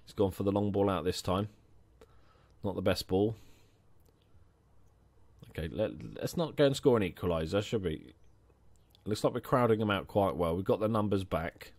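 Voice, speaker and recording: A man's voice: fairly low pitch, normal speed, pauses often, darkish tone, no room sound. A young man commenting casually on his football management game, chatty and jokey, inventing nicknames for his players. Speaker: gaming channel host. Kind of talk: casual let's-play commentary.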